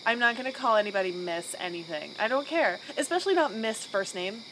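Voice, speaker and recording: A woman's voice: on the high side, animated, brisk. A woman co-hosting a podcast, speaking bluntly and emphatically with frequent swearing. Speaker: podcast co-host. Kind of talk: casual podcast chat. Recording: podcast recording with audible background noise.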